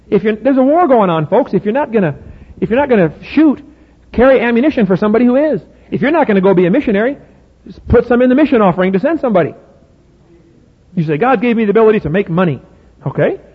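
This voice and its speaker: A man's voice: high-pitched, husky. A middle-aged man preaching a sermon in a folksy, emphatic way, full of rhetorical questions. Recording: phone-like audio in a reverberant hall.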